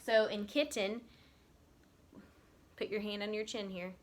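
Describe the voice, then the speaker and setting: Woman teacher, middle-pitched voice, slow and patient, sounding words out for small children. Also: fairly even intonation. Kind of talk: recorded classroom lesson for young children.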